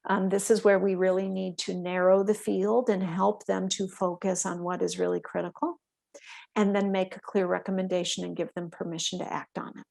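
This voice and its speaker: A woman giving a calm, explanatory instructional talk to veterinary staff, often checking in with her listeners. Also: mid-range voice, normal speed, creaky. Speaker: workshop presenter for veterinary staff.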